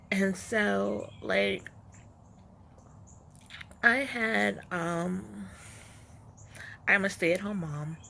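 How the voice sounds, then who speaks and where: A woman in her forties talks slowly and haltingly on a front porch, her speech a little muffled by something in her mouth. Her voice is heavily gravelly and quite bright. Faint outdoor ambience sits behind her. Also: medium pitch, slight background noise. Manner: soft, emotional, halting, with many pauses and fillers. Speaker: vlogger, stay-at-home mom. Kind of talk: heartfelt personal vlog talk.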